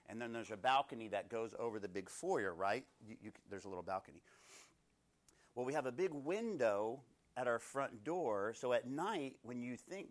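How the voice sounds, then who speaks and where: A man in his thirties leading a Bible study, preaching conversationally through personal stories and often asking his listeners "right?". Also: mid-range voice.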